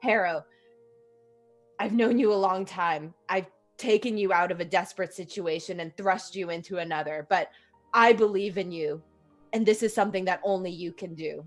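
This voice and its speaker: A woman's voice: lowish voice, normal speed, soft background music, lightly acted. A woman voicing a wounded, desperate woman mentor who gives urgent, pleading commands in a tabletop game. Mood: tender.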